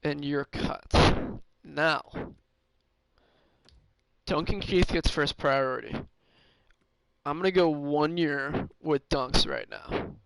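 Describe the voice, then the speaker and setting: A man's voice: on the high side, slow, gravelly, long pauses, background noise. A man streaming a hockey management game, thinking aloud in casual commentary with many fillers and restarts. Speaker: gaming streamer.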